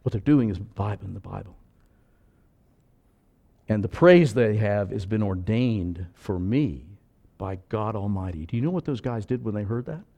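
A man preaching a sermon as pastor, animated and acting out voices, moving between loud and soft. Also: fairly low pitch, moderate pace, gravelly.

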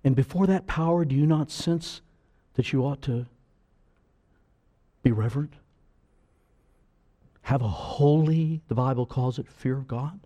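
A man preaching a sermon with fervor, swelling loud on key phrases and dropping low again. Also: unhurried, long pauses.

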